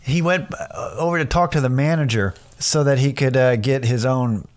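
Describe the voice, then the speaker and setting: A man's voice: mid-range voice, moderate pace. A man hosting a casual solo podcast, telling rambling, profane stories with lots of restarts. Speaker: podcast host.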